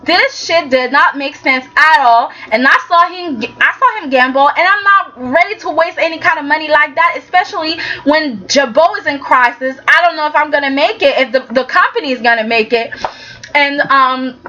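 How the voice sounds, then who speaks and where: Chatty high-voiced woman recapping episodes. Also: normal speed, highs cut off. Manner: chatty, animated, tags lines with "okay?". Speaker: soap opera reviewer. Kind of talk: casual vlog recap.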